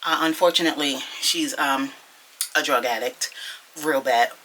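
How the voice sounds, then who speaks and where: A young woman chatting to her viewers at home, telling a story in an animated, gossipy way and calling them y'all. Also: very deep voice, normal speed, background noise. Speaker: vlogger. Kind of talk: casual chatty vlog storytelling. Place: at home, indoors.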